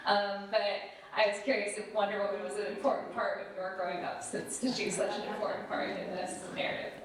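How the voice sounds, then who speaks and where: A woman in the audience asks a long question politely, pausing and restarting as she thinks. She sounds far from the mic in a very echoey hall. Faint room hum sits behind her. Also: mid-range voice, level tone. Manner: polite, thoughtful, hesitant. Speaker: audience member asking a question. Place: museum event room.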